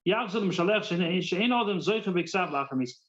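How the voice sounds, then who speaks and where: A man's voice: high-pitched, lively intonation, fairly quick, a bit bright, muffled recording. A man teaching a Talmud class, mixing Hebrew terms into English and often repeating words as he thinks.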